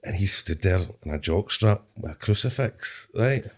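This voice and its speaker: A Scottish man with a lowish voice, spinning a rambling, profane comic story as a podcast guest. He laughs at his own asides and keeps checking in with "right?" as he talks. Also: animated, moderate pace. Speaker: guest comedian. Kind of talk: casual storytelling.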